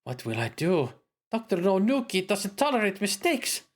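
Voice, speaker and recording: Man doing a female spy in a clerk's shop, high-pitched, stammering, jittery, adventure game read-aloud. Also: sing-song. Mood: scheming. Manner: shaky, halting, stammering. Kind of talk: reading a game's dialogue aloud.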